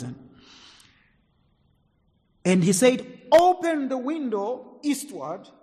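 Man, preacher; somewhat high voice, dramatic loud-soft swings, long hall reverb. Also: creaky. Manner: dramatic swings between loud emphasis and quiet asides. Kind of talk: sermon.

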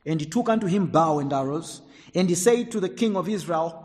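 A man preaching a sermon, swinging between loud emphatic lines and quiet asides. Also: a little high, lively intonation, a little fast. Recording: echoey hall, long reverb.

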